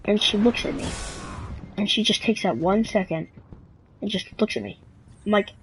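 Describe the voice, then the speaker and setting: A woman's voice: medium pitch, normal speed, a little hiss or hum, low-quality recording. A teenage girl telling a rambling, chatty school story to camera, full of fillers and asides. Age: teens. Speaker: student vlogger.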